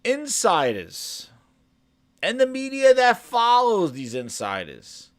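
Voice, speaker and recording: A man hosting a casual gaming podcast, talking with mock-dramatic, sarcastic hype, stammering and trailing off quietly. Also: extremely high pitch, huge pitch swings, takes it slowly, no echo, studio quality. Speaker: podcast host.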